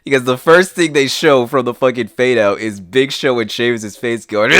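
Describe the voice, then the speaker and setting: A man's voice: mid-range voice, moderate pace, fairly bright tone, dry recording. A man co-hosting a casual podcast, eagerly telling stories with laughter and swearing. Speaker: podcast co-host. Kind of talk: casual wrestling podcast chat.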